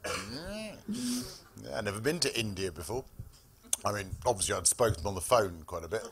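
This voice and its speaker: A man's voice: fairly low pitch, lively intonation, brisk. A man doing a stand-up comedy set on a club stage, telling stories in a dry, sardonic way with profane punchlines. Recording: live club with audible room noise.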